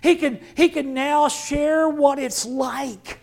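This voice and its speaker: A man preaching a sermon with dramatic swings from loud to hushed. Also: extremely high pitch, fairly even intonation, takes it slowly, vocal fry, few pauses. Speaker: pastor.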